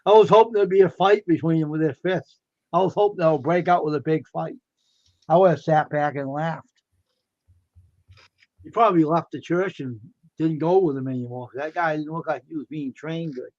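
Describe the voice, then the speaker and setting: On a casual livestream with dull lo-fi audio, a male host speaks at a normal speed in a fairly high pitch. He laughs often and acts out quotes as he tells an animated story, admitting he's tired.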